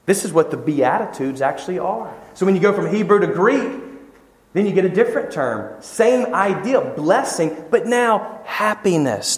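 A man with a Southern American accent preaching a sermon as pastor, animated and emphatic, with rhetorical questions and repetition. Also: fairly high pitch, normal speed. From Southern United States. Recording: long hall reverb.

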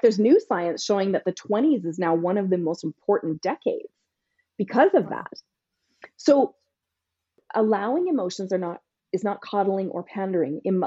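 In a podcast interview answer, a woman coach speaks in a punchy, emphatic way, sometimes acting out both the parent and the teen. Her mid-range voice is mellow and husky. The recording is dry and a little dull, with no echo.

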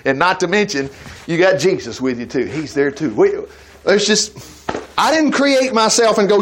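A man's voice: high-pitched, animated, moderate pace, slight background noise. A man preaching a sermon at a church service, retelling a Bible story with folksy asides and laughter.

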